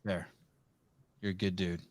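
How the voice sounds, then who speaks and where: A man's voice: sits low, level tone, unhurried. A man hosting a podcast in casual chat, blunt and full of swearing as he teases his co-host. His voice sits in a middle register and sounds dry and close, with almost no room echo. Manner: profane, blunt, teasing.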